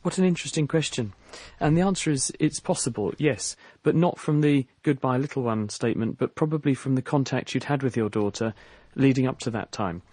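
A man explaining science to radio callers with eager, fluent enthusiasm. His voice sits at an everyday middle pitch. The sound is dry and close. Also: fairly quick, warm tone, husky, dry recording. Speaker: science expert on a call-in radio show.

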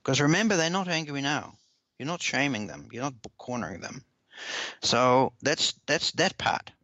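A man answering interview questions in a measured, earnest way, often repeating words as he explains. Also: mid-range voice, expressive, sharp tone, no room sound. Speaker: parenting expert guest. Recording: dull lo-fi dry recording.

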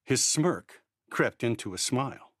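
A man narrating a first-person story in a measured, quietly tense way. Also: medium pitch, lively intonation, no echo, studio quality.

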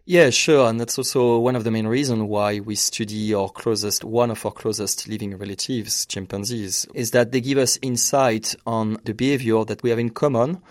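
A man's voice: lowish voice, steady tone, moderate pace, hardly any pauses, dry recording, clean studio sound. A male researcher giving explanatory interview answers in an earnest way, often restarting and searching for phrasing. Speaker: researcher guest.

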